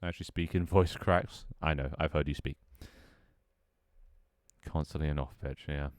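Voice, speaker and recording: A man with a very low, deep voice talks through a gameplay livestream, rambling, swearing offhandedly and answering his chat. The sound is close and dry, with no room around it. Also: fairly even intonation, moderate pace, no room sound. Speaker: streamer. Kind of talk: casual gameplay livestream commentary.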